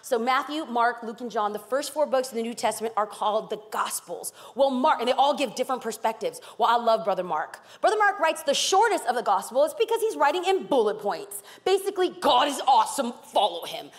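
A woman's voice: a little high, lively intonation, a little fast, few pauses. A woman pastor from East Los Angeles preaching a sermon, emphatic and dramatic with playful asides. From East Los Angeles, California. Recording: long hall reverb.

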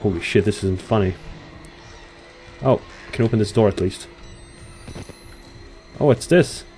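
Faint music plays behind a young man's nervous horror-game commentary as he swears and talks to himself and the characters. His voice is on the low side and dark in tone, moving a little slowly.

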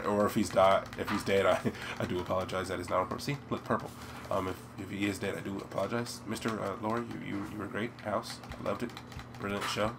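A man's voice: fairly low pitch, background noise. Rambling young American gamer guy. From United States. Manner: rambling, chatty, bursts into loud yelps. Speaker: let's play gamer. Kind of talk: game commentary.

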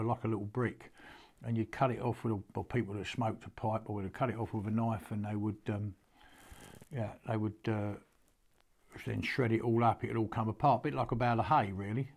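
A man's voice: on the low side, steady tone, a little fast, a little mellow, breathy edge. Older man telling a rambling story. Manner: rambling, homely, stops and restarts a lot, speaks with feeling. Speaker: horseman showing an antique. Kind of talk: casual storytelling to camera.

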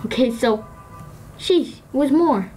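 A woman hosting a gaming video, giving excitable commentary with frequent shrieks and exclamations. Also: high voice, slow, faint music behind, poor audio. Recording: loud background noise.

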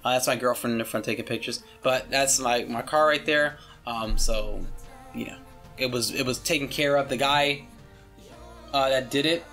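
A man's voice: medium pitch, steady tone, moderate pace, bright, forceful tone, soft background music. A young man hosting his channel and telling a story in a casual, rambling way, full of fillers and casual swearing.

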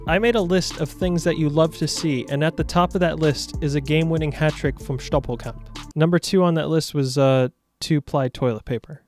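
A young man giving jokey, animated commentary over his own football video game matches. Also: a little high, fairly quick, hardly any pauses, soft background music. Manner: animated, jokey, shouts at big moments. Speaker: gaming YouTuber. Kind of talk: excited gameplay commentary.

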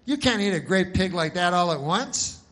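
A man's voice: on the high side, normal speed, pitched above the performer's own voice. Man putting on a boastful old farmer. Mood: insistent. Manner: excited, insistent storytelling. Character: proud rural farmer bragging about pig.

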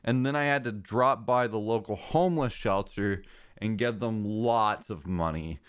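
Young guy streamer, deadpan and rambly, smooth voice, takes his time. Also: on the low side, measured pace. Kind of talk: casual gameplay chat.

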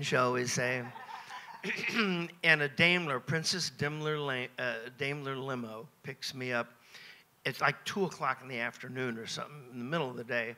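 An American man in his seventies, a guest at a Q&A on a cruise ship, telling anecdotes in a lively, self-mocking way and chuckling between phrases. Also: medium pitch. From United States. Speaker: interview guest. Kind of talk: anecdotal Q&A storytelling.

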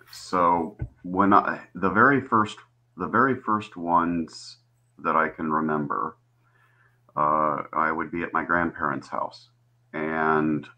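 Very deep, slow-talking male guest. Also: pushed and bright, dull audio. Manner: slow, hesitant, with many fillers. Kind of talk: personal account on a talk show.

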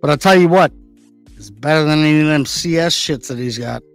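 A man's voice: a little high, brisk, gravelly, soft background music. A man co-hosting a casual chat, crude and teasing, swearing often. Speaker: show co-host.

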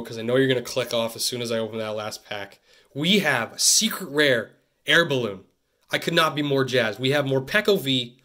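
A young man from Canada hosting a card-opening video, chatting to camera in an excitable, jokey way that swings between loud bursts and muttered asides. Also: mid-range voice. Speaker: card-opening channel host. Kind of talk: casual pack-opening chat to camera.

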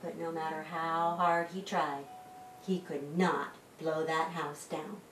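A woman librarian reading a story to children in a lively sing-song way. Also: fairly low pitch, slight background noise. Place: library room. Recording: echoey room, mic at a distance.

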